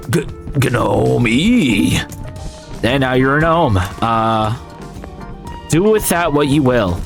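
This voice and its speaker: Upbeat man doing game commentary. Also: fairly high pitch. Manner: upbeat and jokey, bursts into loud yelps. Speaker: gaming video host. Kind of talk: casual gameplay commentary.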